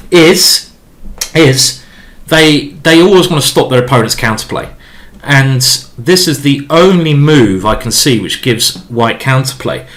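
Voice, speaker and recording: A man talks through his chess moves on a live stream, chatty and rambling as he thinks aloud. He restarts his sentences often and chats with the viewers between moves. His voice sits at an ordinary pitch for a man. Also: fairly bright tone. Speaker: chess grandmaster streaming a game.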